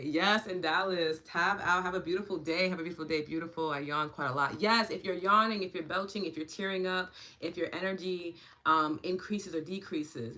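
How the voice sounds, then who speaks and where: A woman with a lowish yet bright, clear-cut voice hosts a livestream on EFT tapping and gratitude. She speaks in a hushed, gentle way while guiding, then turns effusive and affectionate as she thanks her viewers by name. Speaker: EFT and meditation guide, livestream host. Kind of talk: guided EFT session and casual livestream chat.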